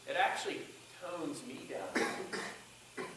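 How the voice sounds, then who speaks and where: A man's voice: sits high, big pitch swings, slow, background noise. A man giving a college class on public speaking, who acts out lines from his own speech as he breaks it down. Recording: echoey classroom from far off.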